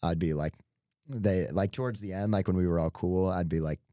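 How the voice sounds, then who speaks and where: A young man with a deep, low voice talks through his weekly betting picks in a loose, joking way. He rambles, circles back, and pokes fun at himself. The sound is dry and close to the mic. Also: fairly quick, warm tone, no echo. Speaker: podcast co-host. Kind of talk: casual sports betting chat.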